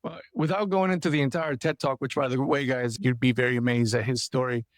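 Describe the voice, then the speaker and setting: A man's voice: medium pitch, fairly even intonation, fast talker, dry recording. A man hosting an interview podcast, asking thoughtful questions and affirming his guest. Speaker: podcast host.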